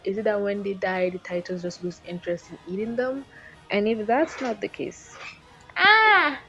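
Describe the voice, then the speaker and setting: A woman giving a casual anime episode review in an animated, rambling way, swearing freely. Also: medium pitch, normal speed, creaky. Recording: dull lo-fi recording with faint background music.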